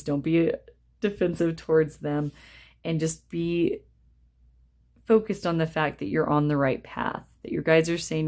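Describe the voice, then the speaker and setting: Casting: young woman, low voice, chatty reassuring card reader speaking to camera at home. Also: a little mellow. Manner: chatty, reassuring, reads card titles aloud. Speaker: tarot reader. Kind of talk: casual card reading to camera. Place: indoors at home.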